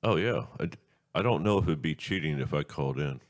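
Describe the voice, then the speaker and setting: Podcast host, man, extremely low voice, loose rambling chat with restarts. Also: expressive, fast talker. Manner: rambling, repeats words and restarts. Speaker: radio show host.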